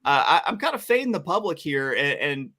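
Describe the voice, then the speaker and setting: Bright-voiced man handicapping races. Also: fairly high pitch, big pitch swings, brisk. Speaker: podcast co-host. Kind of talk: casual handicapping talk.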